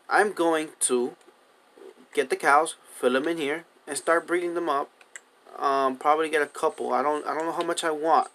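A man's voice: on the high side, fairly bright tone. A young man casually commenting on his own survival game as he plays, chatting and coaxing the animals with repeated commands. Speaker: gaming video host.

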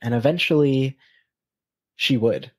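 A podcast host tells a story casually, his mid-range voice slow and husky. He hesitates often, with plenty of ums and restarts.

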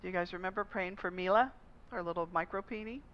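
A woman's voice: on the low side, fast talker, a bit bright. A woman pastor preaching a sermon in a conversational, storytelling manner. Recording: slightly dull lo-fi recording.

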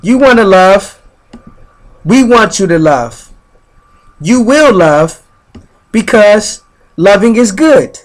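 Slow high-voiced man chanting affirmations. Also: lively intonation. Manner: slow, repetitive, chant-like phrasing. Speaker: spiritual speaker. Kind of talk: guided spiritual affirmations.

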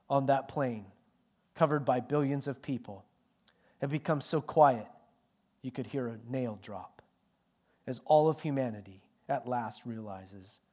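A middle-aged male pastor preaching a sermon with dramatic swings from loud emphasis to hushed near-whispers. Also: medium pitch, unhurried, pauses often.

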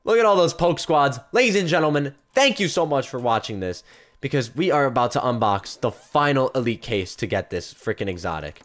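Excitable young male gaming streamer. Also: mid-range voice. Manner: excitable, swings between hushed mumbling and loud yelps; repeats phrases in rapid strings. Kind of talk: live-stream case unboxing commentary.

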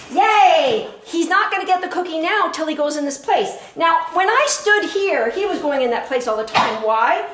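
A woman dog trainer giving a chatty live demonstration, explaining as she goes and breaking into bursts of cheery praise for a puppy. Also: extremely high pitch. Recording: echoey room with faint noise.

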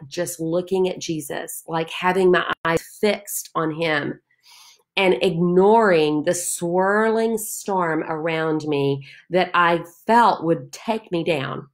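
A woman leading a Bible study, reading scripture aloud and speaking to listeners in an earnest, heartfelt way. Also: lowish voice. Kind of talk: devotional Bible teaching.

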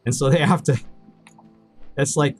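A man's voice: a little high, a little slow, soft background music. A man streaming a video game, chatting casually with viewers and repeating himself as he rambles. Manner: rambling, repeats words and restarts often. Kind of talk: casual live-stream chat while gaming.

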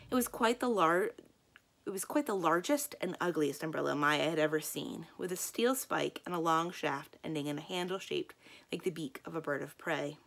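A woman librarian reading a children's book aloud in a calm, expressive storytelling manner. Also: fairly low pitch, creaky.

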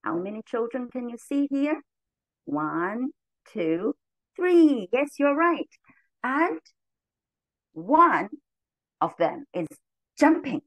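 A teacher trainer leads a model English lesson for very young learners, lively classroom teaching delivered cheerfully, slowly, and clearly. Her voice leaps high on the commands, and the recording is dry and low in quality.

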